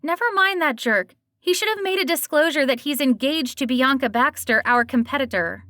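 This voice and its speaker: A woman narrator voicing an outspoken, indignant young woman friend, pitched well above her own voice, dry recording. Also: normal speed, fairly bright tone, no room sound.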